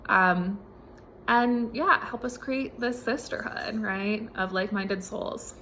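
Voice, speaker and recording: Woman with a bright, gravelly voice. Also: mid-range voice, takes it slowly, slight background noise. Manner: relaxed, with many fillers like "um" and "right?". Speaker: podcast host. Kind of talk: casual spiritual talk.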